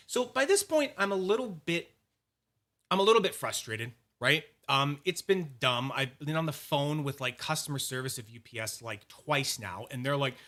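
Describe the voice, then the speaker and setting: A young man from Canada tells a long story to camera in a bright, forceful voice that sits a little high. He is animated, swears freely and acts out the other people in his tale. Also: moderate pace. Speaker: YouTube fidget collector host. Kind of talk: casual storytelling vlog.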